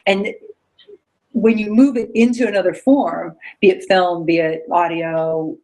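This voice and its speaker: A woman's voice: lowish voice, steady tone, measured pace, darkish tone, rough recording. A woman co-hosting a podcast who asks reflective, searching questions. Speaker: podcast co-host. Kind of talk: casual interview questions.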